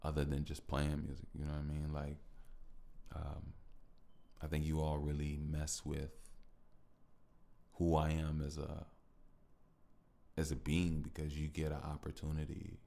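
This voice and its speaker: A man with an extremely low, gravelly voice talks alone into the mic for his podcast audience. He reflects and grows emotional, repeating phrases and thanking listeners as he goes. His delivery is loose and heartfelt. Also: monotone, measured pace, long pauses, mellow. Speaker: podcast host. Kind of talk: reflective solo podcast talk.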